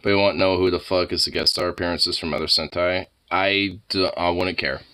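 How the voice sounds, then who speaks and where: A man talking to his pet in casual, teasing baby talk, with a high, sing-song cooing manner. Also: fairly even intonation, normal speed, sharp tone, clean tone. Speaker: pet owner vlogger.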